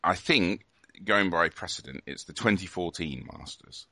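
A man's voice: sits low, normal speed, bright, forceful tone, no echo. A man hosting a casual podcast, rambling along with plenty of fillers and restarts. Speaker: podcast host.

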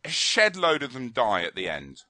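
Male radio co-host, opinionated rambler, bright tone, dry close sound. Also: medium pitch, huge pitch swings, moderate pace, dry recording. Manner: opinionated, rambling with fillers and restarts. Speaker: film review co-host. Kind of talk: casual radio chat.

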